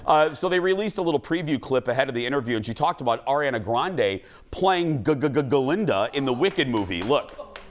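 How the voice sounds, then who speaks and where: Speaking at a moderate pace with a medium-pitched voice, this male talk show host rambles animatedly through casual entertainment news. He frequently restarts his sentences as he goes.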